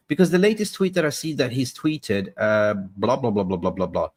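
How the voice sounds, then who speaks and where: A man's voice: mid-range voice, big pitch swings, brisk, few pauses. A man hosting a live football stream, rambling and talking to his viewers while he searches online. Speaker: football livestream host.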